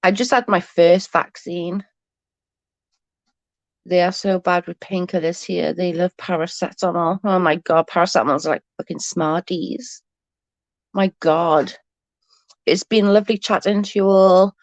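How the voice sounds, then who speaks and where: A woman's voice: lowish voice, steady tone, unhurried, no echo. A woman chatting to viewers on a casual late-night livestream from her bed, rambling and swearing freely.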